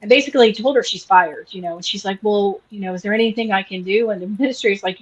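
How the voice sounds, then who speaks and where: A woman's voice: mid-range voice, fast. A woman chatting on a podcast, telling a long story and quoting everyone in it. The recording sounds slightly dull and lo-fi. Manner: animated retelling with quoted voices. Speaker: podcast co-host. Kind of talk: casual storytelling chat.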